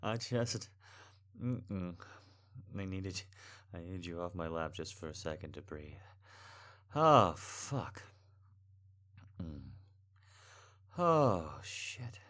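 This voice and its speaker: A young man in an intimate audio role-play as a boyfriend, talking softly and tenderly with frequent sighs. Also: sits low, steady tone, measured pace.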